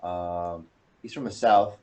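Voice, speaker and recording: A man's voice: sits low, takes it slowly, mellow. A man from California with a Californian accent, talking casually with frequent hesitations. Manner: easygoing, hesitant ums. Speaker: language exchange partner. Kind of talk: casual online conversation.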